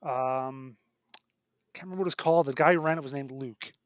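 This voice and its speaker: In a casual podcast conversation, a middle-aged game designer tells stories, rambling and regularly correcting himself partway through sentences. He has a medium-pitched voice, speaks fairly quickly, and the recording is dry.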